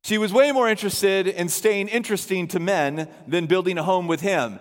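High-voiced pastor in a big reverberant hall. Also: male voice, normal speed. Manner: storytelling, acts out voices in quotes. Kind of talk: sermon.

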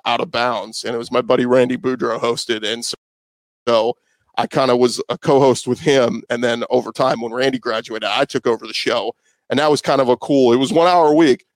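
A man's voice: medium pitch, no echo. A man who works as a sports radio host, talking casually in an interview, loose and conversational with many fillers and restarts.

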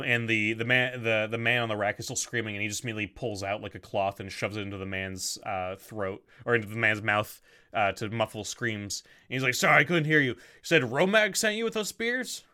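Bright-voiced male game master. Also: lowish voice, fairly even intonation, fairly quick, clean tone. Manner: hesitant, full of ums and restarts. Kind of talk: narrating a tabletop game.

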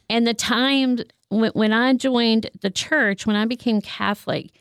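A woman's voice: medium pitch, gravelly, no echo, studio quality. A woman who works as a counselor, speaking in an earnest, heartfelt way about her faith. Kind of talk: reflective faith talk.

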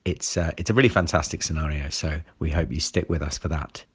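A man introducing a podcast episode in a wry, apologetic way, with a husky voice. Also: rumbling low, a little fast. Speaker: podcast host.

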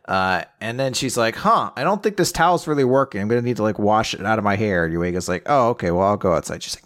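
Man, podcast co-host, lively pitch, casual recap, quick character voices. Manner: animated, quotes characters in quick put-on voices. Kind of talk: casual chat recapping a manga chapter.

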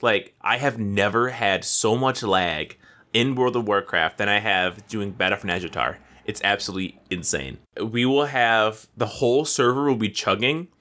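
A man's voice: lowish voice, normal speed. A man co-hosting a casual gaming chat, ranting with lots of profanity. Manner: profane, ranting, animated complaints. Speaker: podcast co-host.

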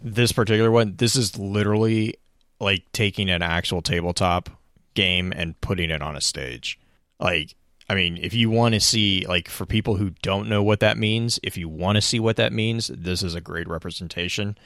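A man with a low, deep voice chats casually as a podcast co-host. He talks with enthusiasm, restarting his sentences often as his thoughts run ahead. The sound is dry and close. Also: steady tone, moderate pace, a bit bright, no room sound. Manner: enthusiastic, rambling with frequent restarts. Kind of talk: casual chat.

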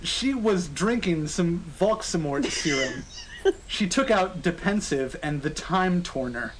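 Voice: medium pitch, lively intonation, takes it slowly, background noise. A podcast co-host doing a comic dramatic reading of a story, stopping often for laughing asides. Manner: reads with frequent laughing asides.

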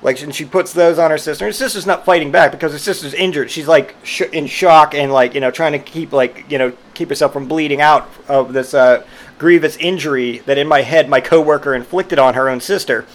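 Man, slightly high voice, rambling casual storytelling, profane, amused, lots of fillers. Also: brisk.

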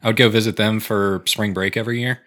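A man's voice: fairly low pitch, steady tone, fast, a bit bright. A man in his twenties co-hosting a casual podcast chat, laid-back and swearing as he tells stories. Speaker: podcast co-host.

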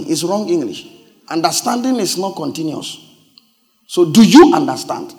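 A pastor preaching a sermon in a high voice that leaps around in pitch. He explains like a teacher, keeps asking if he is understood, and swells into loud, emphatic preaching. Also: expressive, moderate pace. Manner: teacherly, checks understanding with repeated questions.

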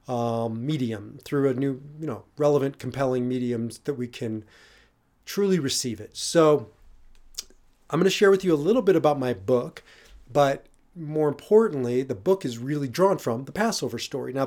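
Man, middle-aged, podcast host, mid-pitched voice, casual with fillers and restarts, punchy emphasis on key words. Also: darkish tone. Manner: conversational, with fillers and self-corrections. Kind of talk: reflective podcast talk.

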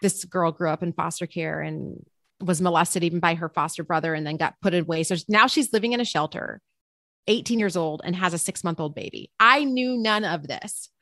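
A woman's voice: lowish voice, a little fast, no echo, studio quality. A woman, a teacher and author, tells a personal story in an interview, acting out the dialogue as she goes. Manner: expressive, acts out quoted dialogue.

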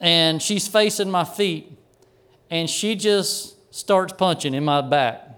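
Storytelling pastor, higher man's voice. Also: slow pace, smooth. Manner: animated, folksy anecdote with chuckles. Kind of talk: storytelling sermon.

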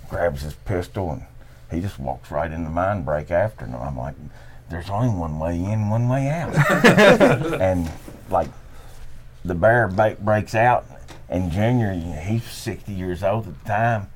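A man telling hunting stories in a casual chat at camp, animated and laughing often. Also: low voice, slow pace, slight background noise. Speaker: podcast guest. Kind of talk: casual storytelling. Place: camp room, at night.

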